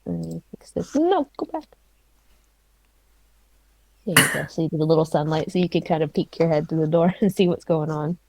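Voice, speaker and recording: A woman's voice: sits low, normal speed, pauses often, slight background noise, low-quality recording. A woman running a tabletop game as game master, narrating with lots of laughter. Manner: giggly, animated, chatty.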